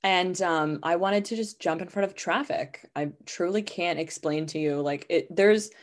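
Chatty woman podcaster, slightly low. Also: normal speed. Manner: rambling, chatty, heavy use of "like" fillers. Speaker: podcast host. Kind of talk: casual storytelling monologue.

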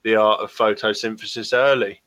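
A man's voice: fairly low pitch, fairly even intonation, fairly quick, a bit bright. A man interviewing in an improvised comedy bit, with a dry, punning delivery. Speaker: podcast co-host, interviewer.

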